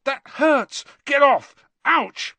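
A frantic teenage boy wizard from an audiobook, his voice pitched up and breathless with worry, as the reader puts him on. His pitch jumps around a lot and the recording is dry and close. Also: lively intonation, extremely slow, sharp tone, no echo, exaggerated voice. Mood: pained. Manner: panicky, breathless pleading. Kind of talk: audiobook character voice.

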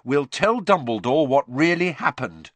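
A man's voice: medium pitch, very animated, unhurried, a bit bright, no echo, pitched above the performer's own voice. A man voicing a determined, pointed teenage boy who speaks up firmly.

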